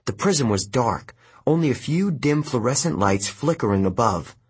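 Husky, lively male audiobook narrator. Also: mid-range voice, moderate pace. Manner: expressive, lively storytelling.

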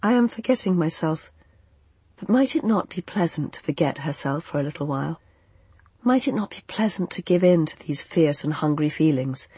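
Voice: mid-range voice, animated, normal speed, darkish tone, breathy edge, dry recording. A narrator voicing Fever, an earnest young woman who speaks precisely and formally. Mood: wondering. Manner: precise, formal, uses no contractions. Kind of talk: audiobook character voice.

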